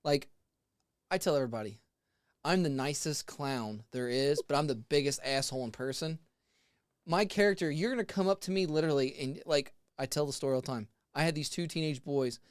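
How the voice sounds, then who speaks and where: A man's voice: on the high side, fairly quick, clear, resonant tone, no room sound, clean studio sound. A man in his forties, a haunted house actor, telling a story in a casual chat with laughs, acting out other people's voices. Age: 40s. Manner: animated, laughing, acts out voices.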